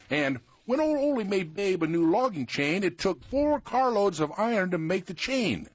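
A man's voice: fairly high pitch, husky, no echo. A man telling exaggerated tall tales and explaining sayings in a hearty storytelling manner. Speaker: storyteller and co-host. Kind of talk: folksy tall-tale storytelling. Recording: dull lo-fi recording, dry.

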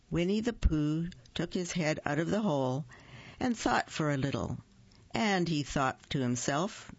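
A woman reading a children's story aloud on a radio reading program, gentle and unhurried, singing the little hums. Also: low voice, expressive, breathy edge, no room sound, dull audio.

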